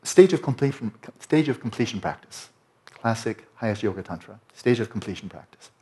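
A man's voice: fairly low pitch, lively intonation, a little fast, mellow, husky, full character voice. A man doing an impression of an elderly male Buddhist master who insists and repeats himself emphatically. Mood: insistent.

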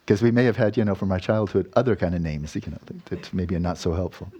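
A man giving a Buddhist dharma talk and guiding a meditation. He talks in an unhurried, rambling way, often adding tag questions and soft laughs. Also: sits low, fairly even intonation, slight background noise. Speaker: meditation teacher.

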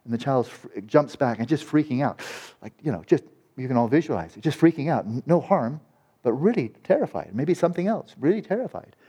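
A male meditation teacher giving a dharma talk at a retreat, speaking gently and soothingly and often trailing off into soft repeated words. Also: medium pitch, sing-song, brisk, slightly rough.

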